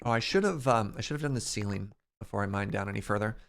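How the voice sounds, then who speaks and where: A man streaming a game, chatting casually and telling stories in an animated way to his chat. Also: fairly low pitch, fast, gravelly, slight background noise. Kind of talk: casual storytelling while playing.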